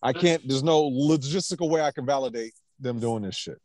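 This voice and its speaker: A man's voice: mid-range voice, a little fast, darkish tone. A man co-hosting a podcast, talking bluntly and profanely with jokes. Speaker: podcast co-host. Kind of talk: casual chat.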